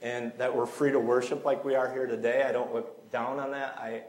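A man's voice: medium pitch, level tone, normal speed, a little mellow, reverberant, low-quality recording. A man preaching a sermon in a church sanctuary, earnest and conversational, with small fillers along the way.

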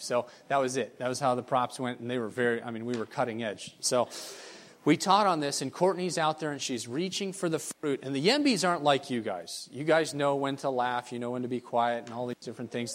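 A man preaching a sermon as a missionary, telling stories in an animated, emphatic way. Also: mid-range voice. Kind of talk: storytelling sermon.

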